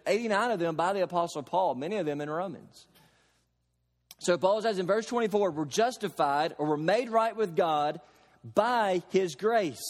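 Man preaching in a reverberant hall. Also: sits high. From Kentucky. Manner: emphatic preaching with slow stressed phrases and homely examples. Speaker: pastor. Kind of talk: sermon.

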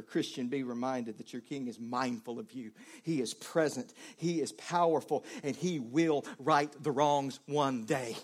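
A male preacher giving a sermon, dropping to a hushed voice and then rising to raised, pleading cries. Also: a little slow. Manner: swings between hushed low passages and raised pleading cries.

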